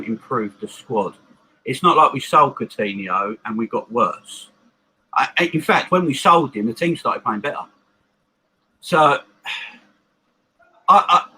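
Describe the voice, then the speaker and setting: A man giving emphatic football opinions in a casual fan panel chat, with quick restarts. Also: mid-range voice, pushed and bright, breathy edge, poor audio.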